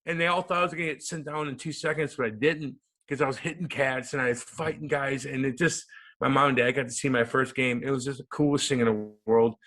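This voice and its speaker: Animated, foul-mouthed storytelling man. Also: mid-range voice, quick pace. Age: 30s. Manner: animated, profane, acts out quotes. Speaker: podcast guest, former hockey player. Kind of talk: casual storytelling interview.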